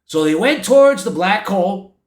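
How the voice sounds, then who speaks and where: A movie reviewer with a high, animated voice recaps a film plot casually at normal speed, rambling and restarting often. The recording has an echoey room sound.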